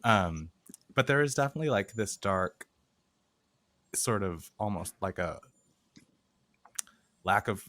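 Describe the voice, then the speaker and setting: A man co-hosting a podcast, chatting casually about a film, relaxed and meandering with many fillers. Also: fairly low pitch, a little slow, long pauses, no echo. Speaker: podcast co-host.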